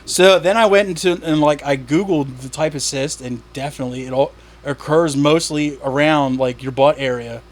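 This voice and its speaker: A man's voice: a little high, normal speed. A man hosting a casual podcast, telling stories with lots of swearing and laughter. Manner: profane, laughing storyteller. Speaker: podcast host.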